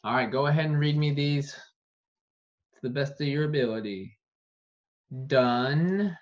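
A man teaching an online phonics lesson, saying each word slowly and repeating it for dictation. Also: a little high. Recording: dull lo-fi recording.

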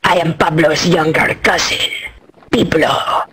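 A man's voice: on the high side, steady tone, measured pace, pushed and bright, breathy edge, exaggerated voice. A man voicing a sleazy, crude grown man called Pablo with a put-on accent, over game chat with music playing. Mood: boastful.

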